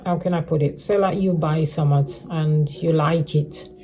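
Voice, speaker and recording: A woman's voice: low voice, steady tone, normal speed, mellow, faint music behind. A middle-aged woman vlogging a casual update to her viewers, rambling and repeating herself, with many restarts. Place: living rough on the streets.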